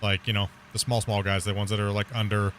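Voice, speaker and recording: A man's voice: fairly low pitch, level tone, quick pace, a bit bright, slight background noise. A man chatting casually while streaming live gameplay, rambling, laughing often and swearing casually.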